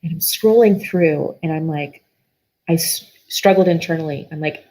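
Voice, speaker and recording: Earnest husky-voiced woman guest. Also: fairly low pitch, expressive, unhurried, long pauses, dark tone, poor audio. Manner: earnest, emotional, frequent restarts. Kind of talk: personal story in conversation.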